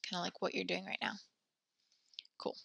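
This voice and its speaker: Bright-toned woman teaching French online. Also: fairly low pitch, steady tone, gravelly, no echo. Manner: patient, encouraging, reads French slowly.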